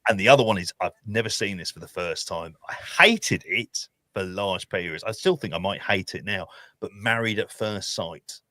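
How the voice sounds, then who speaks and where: A deep-voiced man from Ireland chats on a podcast, blunt and sweary, tossing in laughing asides. His voice is low yet bright and forceful, recorded close and dry with no room sound. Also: normal speed, no echo. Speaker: podcast co-host. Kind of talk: casual chat.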